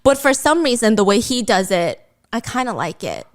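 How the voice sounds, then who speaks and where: A woman host tells a story in casual chat with a high voice that leaps all over the place. She is animated and breaks into laughter often. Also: normal speed.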